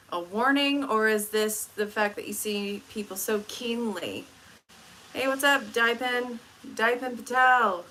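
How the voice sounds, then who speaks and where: A woman reading tarot on a live stream, answering viewers' questions in a casual, chatty way with dry, deadpan humor. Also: medium pitch, a little hiss or hum, poor audio. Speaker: tarot reader and life coach.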